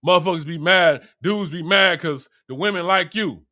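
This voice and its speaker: A man delivering an animated, profane motivational rant in streetwise slang. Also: sits high, normal speed. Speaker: vlogger.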